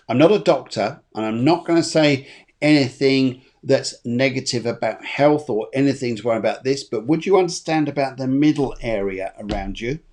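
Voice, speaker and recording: A man's voice: mid-range voice, a little mellow. Chatty man giving spirit readings. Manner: chatty, repeats phrases, quotes spirits. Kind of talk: live psychic reading show. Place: lives in Spain.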